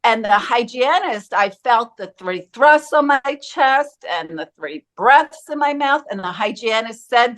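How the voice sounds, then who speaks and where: A woman's voice: a little high, lively intonation, measured pace, few pauses, fairly bright tone. A woman as an interview guest, telling her personal story in an earnest, vivid way and acting out quoted voices.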